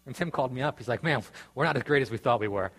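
A man's voice: medium pitch, rapid-fire, fairly bright tone, slightly rough. A man, a pastor, telling a long personal story in a loose, rambling way, full of fillers and restarts. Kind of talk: storytelling sermon talk. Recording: reverberant hall.

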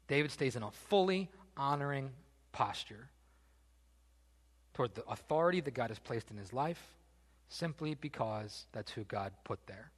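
A man preaching a sermon, telling the story in an animated, casual way with joking asides. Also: medium pitch, moderate pace, in a large hall. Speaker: pastor.

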